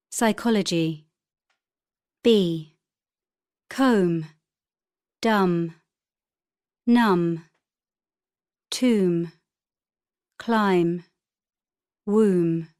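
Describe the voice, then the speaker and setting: Very slow woman reading words aloud. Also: mid-range voice, a little mellow. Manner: reads single words one at a time, carefully articulated. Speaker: audio narrator for a vocabulary course. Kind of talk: scripted instructional reading.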